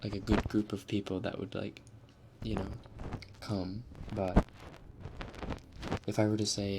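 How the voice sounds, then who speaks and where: Man, live stream chat, low voice, slow and rambling, soft laughs, background hiss. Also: monotone, vocal fry. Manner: rambling, with fillers and soft laughs, sometimes whispering. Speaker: ASMR streamer.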